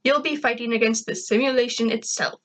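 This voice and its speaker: A woman's voice: fairly high pitch, steady tone, a little fast, lightly acted. A woman voicing a blunt, bossy alien invader. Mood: instructing. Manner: blunt, commanding, speaks of himself grandly. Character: stern bossy male alien invader, proud leader. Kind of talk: amateur story reading.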